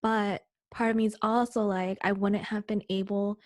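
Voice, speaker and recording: A woman's voice: medium pitch, flat delivery, normal speed, no echo. Young female co-host, frank and casual, dry close sound. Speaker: podcast co-host. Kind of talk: casual chat.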